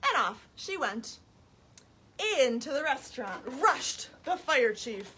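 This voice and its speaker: A woman's voice: sits high, very animated, slow pace, pushed and bright, breathy edge. A woman reading a children's story at a library storytime, inviting kids to sing along. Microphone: webcam on a live stream.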